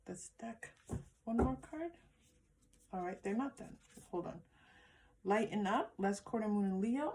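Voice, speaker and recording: A woman giving a pick-a-card tarot reading, speaking gently and affirmingly to her viewers, with frequent restarts. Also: medium pitch. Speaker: tarot reader.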